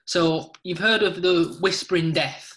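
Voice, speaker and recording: A man's voice: high-pitched, steady tone, unhurried, fairly bright tone. A man chuckling while he tells anecdotes in a casual chat.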